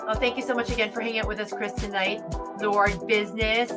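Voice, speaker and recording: Woman, podcast co-host, chatty, mid pitch, music bed behind. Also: level tone, fast talker. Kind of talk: casual podcast chat.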